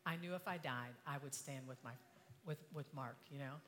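An older woman giving a motivational talk to an audience, impassioned, swinging from hushed tones to shouting. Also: extremely low pitch, normal speed, big-room sound, a little hiss or hum. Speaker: inspirational speaker.

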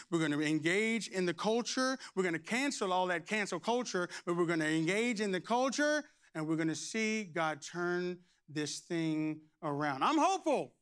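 A middle-aged man, preaching a lively, playful sermon with shouts and humor. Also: high-pitched, smooth. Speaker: pastor.

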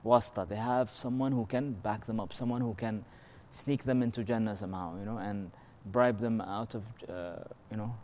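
A fairly low, steady, slightly mellow male voice moves at a moderate pace with hardly any pauses, over a little hiss or hum. He's a religious teacher leading a conversational lesson: patient explanations, rhetorical questions, frequent check-ins with his audience, and occasional melodic Arabic verse recitation.

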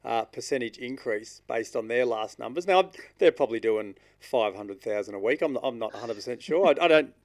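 A man's voice: mid-range voice, expressive, brisk, few pauses, a little mellow. A man co-hosting a casual comedy podcast, laughing often. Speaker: podcast co-host.

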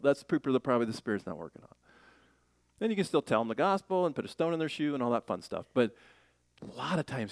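A man delivers a sermon with an animated, up-and-down voice, breaking into quick playful impressions. His voice sits in a middle register. The sound is close and dry, with no room echo. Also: medium pitch. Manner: animated, jokey preaching with playful voices and laughs. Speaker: pastor.

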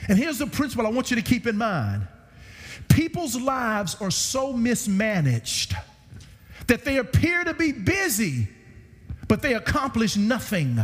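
A man preaching a sermon to a congregation with animated swings in pitch, recorded through a church sound system. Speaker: guest preacher. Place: church sanctuary. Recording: reverberant church hall.

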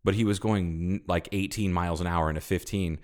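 A man's voice: low-pitched, steady tone, brisk, darkish tone. A man co-hosting a podcast, telling a road trip story in casual chat, swearing freely and acting out quoted people. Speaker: podcast co-host.

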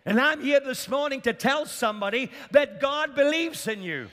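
This preacher's voice is extremely high-pitched and a bit bright, moving at normal speed with few pauses. His sermon is emphatic and repetitive, urging responses from the congregation, and it echoes with the long reverb of a big hall.

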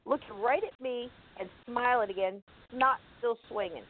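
A woman casually recounting a personal story, vivid and animated. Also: medium pitch, normal speed, few pauses. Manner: vivid, animated retelling with acted-out moments. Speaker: guest telling a personal story. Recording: tinny phone-line sound, dry.

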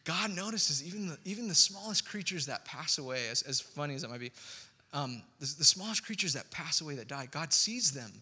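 A man preaching a sermon as pastor, in a conversational, animated way with asides to the congregation. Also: a little high, brisk, husky, big-room sound.

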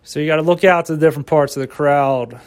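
A man's voice: fairly high pitch, fast, clear, resonant tone. A man in his home kitchen, rambling profanely and talking to himself about comedy and his week. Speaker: vlogger and amateur stand-up comic. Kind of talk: rambling casual monologue.

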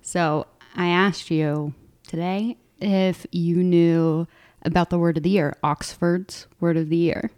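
A woman's voice: on the low side, fairly even intonation, takes it slowly, a little mellow. A woman co-hosting a political podcast, chatty and explaining things, often laughing. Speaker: podcast co-host. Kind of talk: casual political podcast chat.

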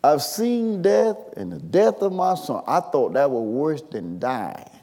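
A man, preaching a sermon, swinging from quiet storytelling to shouted call-and-response. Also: fairly high pitch, animated, unhurried. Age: 60s.

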